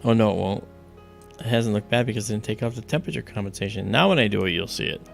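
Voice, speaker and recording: A man's voice: on the low side, fast talker, gravelly, faint music behind. A man hosting an astronomy livestream, explaining things step by step in a loose, casual way.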